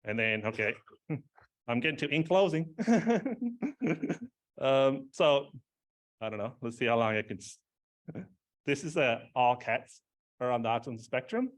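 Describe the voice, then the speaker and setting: A man's voice: mid-range voice, very animated, slow pace, pauses often. A man giving an informal speech at an award ceremony, rambling, with many fillers and frequent laughs.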